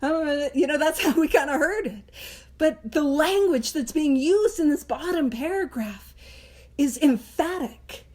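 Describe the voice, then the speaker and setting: A woman hosts a book study and walks through the reading in a relaxed, conversational teaching style. Her voice sits high, and she keeps it animated and playful, slipping into quick acted-out bits to make a point. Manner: animated, playful, acts out little voices and jokes. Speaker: host of a Big Book study. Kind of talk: casual teaching talk.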